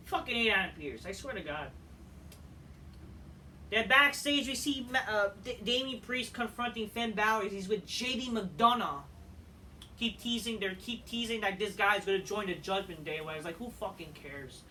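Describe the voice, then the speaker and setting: Foul-mouthed wrestling reviewer, scornful rant, bright edgy tone, recorded a bit far from the mic. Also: medium pitch, expressive, normal speed. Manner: crude, scornful, ranting, swears constantly. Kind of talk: profane ranting recap. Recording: distant mic with faint noise.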